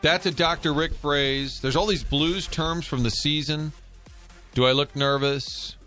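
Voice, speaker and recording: A middle-aged man hosting sports talk radio from a studio, telling animated stories with quick jokes. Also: fairly high pitch, faint music behind. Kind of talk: casual sports talk banter. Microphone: studio microphone.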